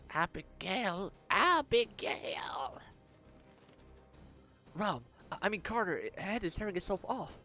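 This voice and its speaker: An excitable man streaming a mobile game, thinking aloud about his team and reacting loudly to story twists. His voice sits on the higher side, and soft music plays behind him. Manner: excitable, reacts loudly, talks through strategy. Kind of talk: live gameplay commentary and story reading.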